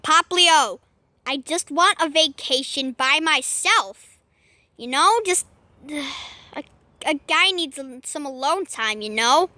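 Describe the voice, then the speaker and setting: Brief: woman doing a high, slow-talking, weary male ghost puppet. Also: animated, bright, forceful tone, no echo, full character voice. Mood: exasperated. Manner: sighing, exasperated, stammering. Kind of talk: homemade toy skit.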